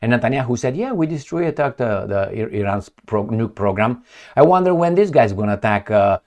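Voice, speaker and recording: Sarcastic man with a lively voice. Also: mid-range voice, a little fast. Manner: sarcastic, crude, mocking. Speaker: news commentary host. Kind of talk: casual political commentary.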